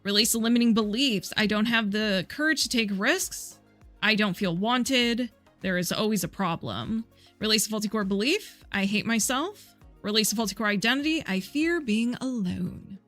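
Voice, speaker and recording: A woman's voice: medium pitch, normal speed, fairly bright tone, faint music behind. A woman running a live healing session, chatty and playful, laughing often and answering her own yes-or-no questions. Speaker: energy healer.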